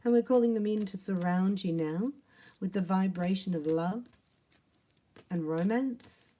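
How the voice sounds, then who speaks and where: Chatty woman tarot reader with mellow voice. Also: medium pitch, measured pace. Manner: chatty, animated, acts out imagined quotes. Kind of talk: tarot reading monologue.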